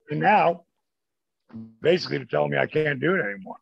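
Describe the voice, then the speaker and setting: A man, telling profane, animated stories as an interview guest and acting out the people he quotes. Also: a little high, moderate pace, creaky, muffled recording. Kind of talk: casual storytelling.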